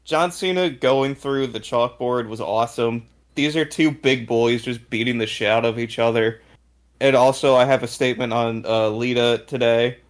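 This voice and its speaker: A man's voice: mid-range voice, moderate pace. Blunt man with a mid-range voice. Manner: blunt, crude jokes. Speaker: podcast co-host. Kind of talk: casual wrestling recap chat.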